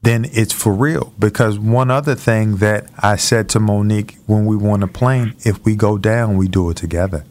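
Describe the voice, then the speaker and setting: A man's voice: fairly low pitch, moderate pace, hardly any pauses, darkish tone. Reflective, earnest man co-host. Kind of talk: casual talk show chat.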